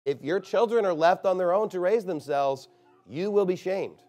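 Fiery preacher with a higher voice. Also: male voice. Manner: forceful preaching that swings from low and quiet to loud and emphatic; slows down and stresses key phrases. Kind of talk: sermon.

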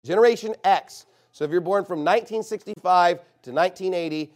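Fiery preacher with a higher voice. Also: male voice. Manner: forceful preaching that swings from low and quiet to loud and emphatic; slows down and stresses key phrases. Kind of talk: sermon.

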